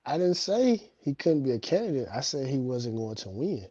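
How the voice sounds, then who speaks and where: A man co-hosting a sports show, arguing in a measured, analytical way and pausing to recall names. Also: medium pitch, big pitch swings, dark tone, breathy edge, no room sound, highs cut off. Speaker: show co-host. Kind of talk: sports debate.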